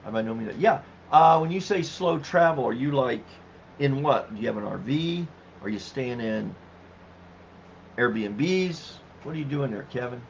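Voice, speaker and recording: Gravelly man chatting on a stream. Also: lively intonation, measured pace. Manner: chatty, laughs easily, reads comments aloud. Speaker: livestream host reading chat. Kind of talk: casual live-stream chat. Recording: dull low-fi stream audio with faint noise.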